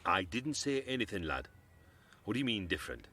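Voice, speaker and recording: An actor playing a stern, impatient uncle who speaks gruffly. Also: male voice, fairly low pitch, big pitch swings, brisk, pushed and bright, heavily acted. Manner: gruff, says "lad" a lot.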